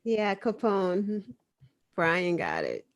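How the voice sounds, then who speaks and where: A woman with a Boston accent co-hosting an online news talk show, animated and laughing often. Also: medium pitch, extremely slow. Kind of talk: casual chat.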